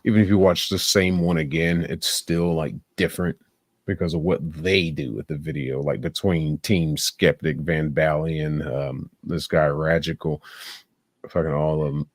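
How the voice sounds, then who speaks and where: A man's voice: a bass voice, steady tone, normal speed, no echo, clean studio sound. A man giving blunt, sarcastic live reaction commentary, swearing freely. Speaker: streamer reacting to videos.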